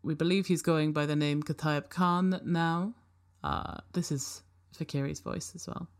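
A woman's voice: low-pitched, steady tone, measured pace. A woman voicing a brusque male official in recorded messages, irritated and swearing.

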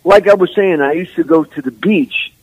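An older man from San Francisco, a musician guest, telling rambling, animated stories full of "man" and "you know.". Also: on the high side, moderate pace, breathy edge, dry recording, muffled recording. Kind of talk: casual storytelling interview.

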